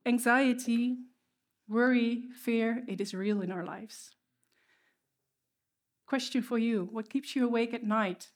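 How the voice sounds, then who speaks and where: A woman's voice: fairly high pitch, takes it slowly, long pauses. Earnest woman preaching, non-native English speaker. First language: not English. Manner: earnest, emotional, with hesitations and restarts. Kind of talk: sermon. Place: stage before an audience.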